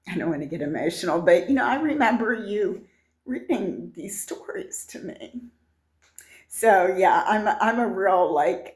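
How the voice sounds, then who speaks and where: A woman's voice: fairly low pitch, roomy sound. A woman in her sixties giving an impromptu, rambling sales talk in her shop, sentimental and full of fillers and restarts. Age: 60s. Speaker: seller of vintage art tiles.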